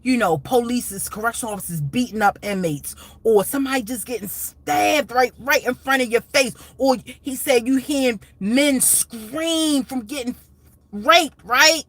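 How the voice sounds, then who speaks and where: A woman's voice: fairly high pitch, a little slow, a bit bright, no echo. Woman rambling on a live stream, emotional, keeps restarting her sentences. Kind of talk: casual live-stream monologue.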